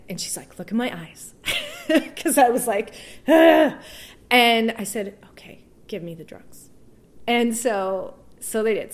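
A woman tells a personal story as an interview guest. Her voice sits at an everyday middle pitch. She talks in an emotional, halting way, restarting phrases and laughing softly between them.

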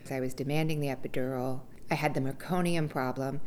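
Low-voiced woman telling a personal story. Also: fast talker, slight background noise. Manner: animated, acts out quoted people with big pitch jumps. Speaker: mother recounting childbirth.

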